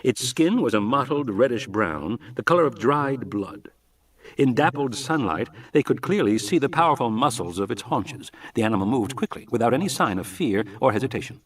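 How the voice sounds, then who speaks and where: A man's voice: mid-range voice, lively intonation, moderate pace, slightly rough, distant mic. A man narrating a novel as an audiobook reader, telling the story expressively. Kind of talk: scripted narration.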